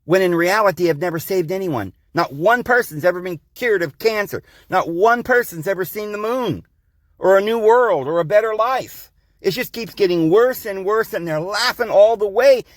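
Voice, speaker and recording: A man with a high voice hosts a podcast in a rambling, insistent monologue. He keeps addressing the listeners as guys and friends. The recording is close and dry, with no room sound. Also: normal speed, no echo. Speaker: podcast host. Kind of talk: preachy monologue.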